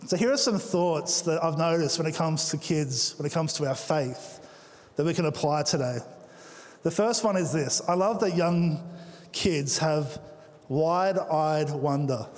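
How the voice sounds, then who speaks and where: A man's voice: fairly high pitch, normal speed. A man preaching a sermon as pastor, playful, with joking asides to the congregation. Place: church auditorium. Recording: long hall reverb.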